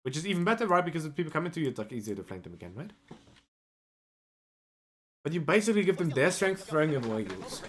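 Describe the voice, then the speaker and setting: A man reviewing a match as a coach on a live stream, emotional and animated, often tagging his points with "right?". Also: a little high, quick pace, long pauses, slight background noise. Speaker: esports coach.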